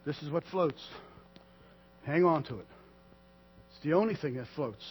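A man preaching a sermon to a small congregation in a conversational way, swinging from soft to loud and acting out the quotes he tells. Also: on the high side, moderate pace. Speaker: pastor. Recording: dull lo-fi sound with mains hum.

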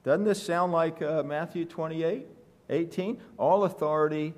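A man's voice: on the high side, darkish tone. Man teaching a conversational church sermon. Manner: reads scripture slowly, asks the congregation questions, self-deprecating humor. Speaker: pastor. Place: church sanctuary with congregation.

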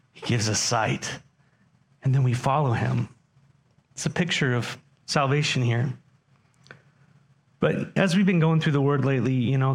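A man preaching a sermon as pastor, talking conversationally and putting questions to his congregation. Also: medium pitch.

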